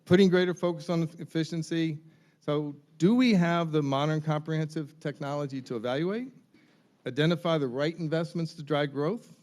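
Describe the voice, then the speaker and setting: A man's voice: a little high, moderate pace, darkish tone. A man moderating a university panel discussion, reading out names and titles with frequent ums, picked up by a distant mic in a hall. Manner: reads names and titles, um-filled. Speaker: forum moderator.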